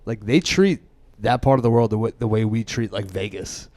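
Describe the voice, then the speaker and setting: A young man with a Long Island accent, a podcast guest trading fast, brash, laughing banter. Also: lowish voice, a little mellow, dry recording. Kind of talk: casual chat.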